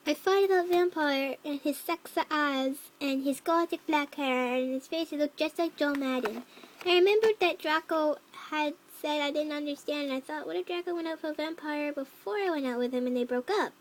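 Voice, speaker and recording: A woman voicing a young cat-girl troll who reads a fanfic aloud, with flat narration, mocking asides and yelled quotes. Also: high-pitched, moderate pace, slight background noise. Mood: deadpan reading. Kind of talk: fan reading of a story.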